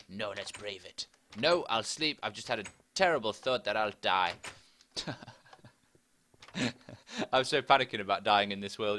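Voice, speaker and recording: A man's voice: medium pitch, sharp tone, a little hiss or hum. A young man chatting and rambling to himself as he plays Minecraft. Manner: chatty, rambling, talks to himself while playing. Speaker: gaming video host. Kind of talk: casual Minecraft let's play commentary.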